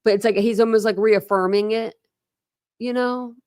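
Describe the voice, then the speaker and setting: In clean studio audio with no room sound, a woman on the high side of pitch, with a darkish tone and fairly even intonation, reads court documents at a moderate pace. She hosts a true crime live stream, has a young son, and keeps stopping to react in a rambling, upset way full of "like" and restarts.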